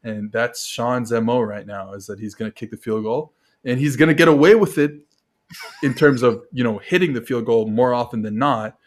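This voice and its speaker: Speaking at normal speed in a medium-pitched voice, this podcast guest from Montreal, Canada, chats casually and earnestly. He rambles a lot, leaning heavily on fillers like "like" and "you know."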